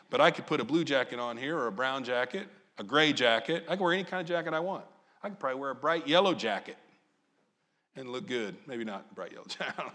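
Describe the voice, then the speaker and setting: A man from Southern Illinois preaching a sermon as pastor, asking his congregation question after question. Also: medium pitch. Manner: animated, asks the congregation questions.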